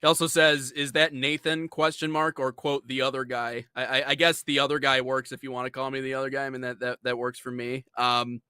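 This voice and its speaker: Man, co-host, casual live chat, bright voice, joking and rambling, studio. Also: mid-range voice, level tone, a little fast, hardly any pauses, clean tone, no room sound.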